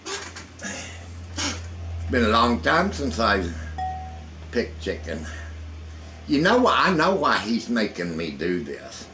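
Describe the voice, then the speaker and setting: A man's voice: lowish voice, wildly swooping pitch, slow pace, pauses often, sharp tone, slight background noise, poor audio. An older man who tells folksy jokes and stories in a rambling way, sitting indoors. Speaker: storyteller. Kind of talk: casual folksy joke-telling. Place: indoors in a hot room.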